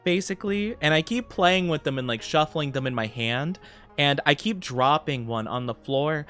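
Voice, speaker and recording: A man's voice: fairly high pitch, lively intonation, normal speed, fairly bright tone, faint music behind. A man chatting casually on a live stream, giggly and fidgety and full of filler words.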